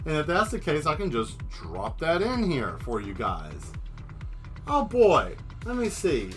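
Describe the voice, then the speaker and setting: A man's voice: mid-range voice, big pitch swings, unhurried, music in the background. A man hosting a casual livestream while he draws, joking and rambling straight to his viewers. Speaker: livestream host painting and answering chat.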